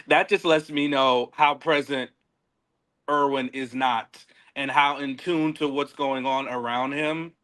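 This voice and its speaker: A man co-hosting a casual recap podcast, animated, laughing often and stumbling over repeated words. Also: medium pitch, takes it slowly, smooth. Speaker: podcast co-host. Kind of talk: casual reality-show recap chat.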